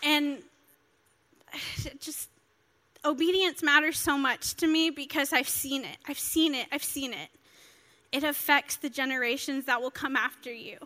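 A woman pastor, preaching a sermon and telling her story with animated, emotional delivery. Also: sits high. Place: church.

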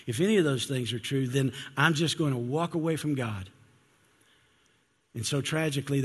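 An older man, a grandfather and pastor, preaching a sermon to his church in an animated way, voicing the people he quotes and calling for responses. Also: mid-range voice, breathy edge. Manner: animated, acts out quoted voices, asks for responses. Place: church sanctuary. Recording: long hall reverb.

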